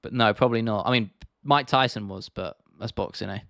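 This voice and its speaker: A man's voice: on the low side, fairly quick, creaky, a bit bright, dry recording, studio quality. A young man in his twenties hosting a casual livestream Q&A, laid-back and sweary, often laughing. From United Kingdom. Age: 20s. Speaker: livestream host.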